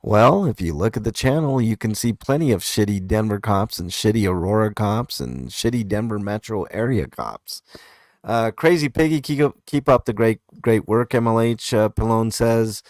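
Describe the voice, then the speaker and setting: A man with a lowish voice hosts a relaxed comment-reading show, drifting through fillers and little laughs as he goes. The sound is dry and close, with no room around it. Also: moderate pace, no echo. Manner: laid-back, hesitant, lots of fillers and chuckles. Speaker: host reading viewer comments. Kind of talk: casual live comment show chat.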